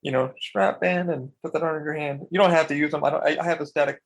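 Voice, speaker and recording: A man's voice: a little high, steady tone, fast, creaky. A man co-hosting a podcast, telling rambling stories in casual chat and swearing freely. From Florida. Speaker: podcast co-host.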